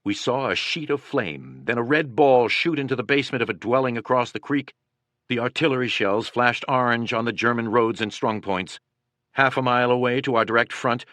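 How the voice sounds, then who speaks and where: A man reading a soldier's measured, somber written account of battle in an audiobook. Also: mid-range voice, pushed and bright, dry recording, lightly acted. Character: male soldier writing a sober war account.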